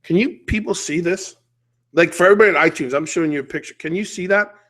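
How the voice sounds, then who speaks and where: A man's voice: high voice, fast talker, a bit bright. A middle-aged man hosting a podcast, ranting bluntly and animatedly in casual chat. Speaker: podcast host.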